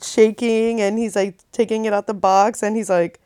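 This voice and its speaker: A woman's voice: mid-range voice, normal speed, clean tone, dry recording. Chatty woman in her thirties, dry sound. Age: 30s. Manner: chatty, animated, many likes and swears. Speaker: vlogger. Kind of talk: casual storytime chat.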